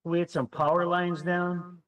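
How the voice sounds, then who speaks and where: A man casually telling a story on a chat panel, animated and acting out what people said. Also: sits high, a little slow, far from the mic, poor audio. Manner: animated storyteller, acts out quotes.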